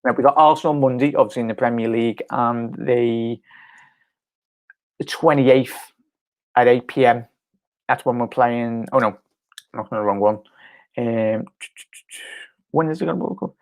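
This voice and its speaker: A man's voice: medium pitch, fairly even intonation, normal speed, long pauses, darkish tone. A man hosting a casual live football reaction, rambling with lots of fillers and answering viewer comments. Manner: rambling, chatty, many fillers and restarts, reads viewer comments aloud. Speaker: fan channel host.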